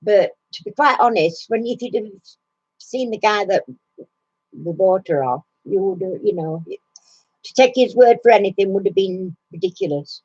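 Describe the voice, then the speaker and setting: A woman's voice: mid-range voice, animated, normal speed, darkish tone, husky, dry recording, lo-fi sound. A woman hosting a casual live chat from her recliner at home, chatty and laughing often. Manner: chatty, laughs often, coos baby talk to her dog. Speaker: live stream host.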